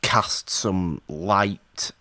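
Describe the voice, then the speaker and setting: A man co-hosting a podcast, chatting casually about old films in an animated way and stumbling over his words now and then. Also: low voice, drawn-out words, no room sound. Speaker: podcast co-host.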